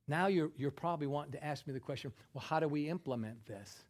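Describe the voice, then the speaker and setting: A man preaching a sermon, chatting with the congregation in asides and building to emphatic, forceful passages. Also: fairly high pitch, fast talker.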